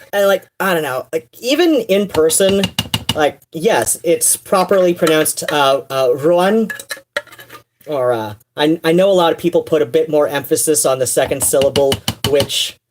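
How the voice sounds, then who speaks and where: Rambling woman with a low voice. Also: noisy background. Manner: rambling, many fillers and restarts, wry asides. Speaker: streamer. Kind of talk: casual livestream chat.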